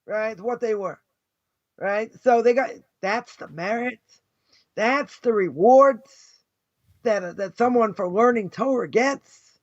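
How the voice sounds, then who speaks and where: A passionate man lecturing as a rabbi, with a very high voice that swings between sarcasm and near-shouting. The sound is dull and muffled, recorded dry and close with no room around him. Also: no echo. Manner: loud, passionate, sarcastic, quick mock voices for others. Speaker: rabbi teaching a lesson. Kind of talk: fiery lesson.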